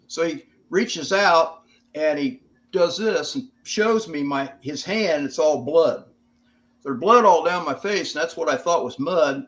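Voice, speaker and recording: A man's voice: fairly high pitch, fairly bright tone. An older American man, a veteran guest on an interview podcast, telling stories in a plainspoken, casual way with some swearing. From United States.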